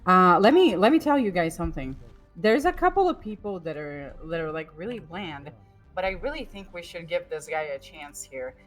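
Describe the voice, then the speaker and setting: A woman roleplaying a police recruiter in a game, her pitch bouncing all over the place. She talks in loose, giggly bursts full of "uh" and restarts, with faint music underneath. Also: very animated, moderate pace, fairly bright tone. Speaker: streamer playing a police recruiter. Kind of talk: in-character roleplay chat.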